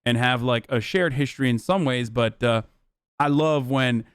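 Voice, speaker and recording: Man, live-stream reaction commentary, blunt, profane, smooth voice, dry close sound. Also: medium pitch, normal speed, no room sound.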